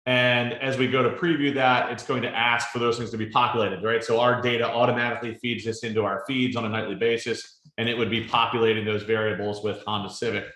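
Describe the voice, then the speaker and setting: A man presenting a casual screen-share product demo, explaining in a relaxed way with lots of fillers and tag questions. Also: medium pitch, fast talker, hardly any pauses. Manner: relaxed, filler-heavy explaining with frequent "right?". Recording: roomy echo.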